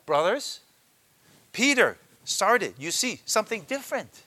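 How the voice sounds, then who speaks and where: A man's voice: a little high, animated, measured pace, pushed and bright. A man preaching a sermon to a congregation, repeating key phrases for emphasis.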